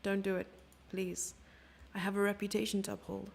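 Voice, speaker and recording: A woman's voice: mid-range voice, completely flat delivery, moderate pace, creaky, breathy edge. A woman from Germany giving casual, self-mocking live chess commentary, chatting with her viewers and thinking aloud over the moves.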